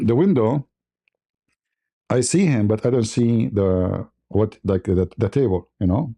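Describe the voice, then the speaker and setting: A man's voice: on the low side, takes it slowly, warm tone. A man from the Middle East, host of a live stream, telling a story in simple learned English, laughing often and acting out the dialogue. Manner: speaks English as a learned language, simple phrasing. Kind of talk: casual storytelling.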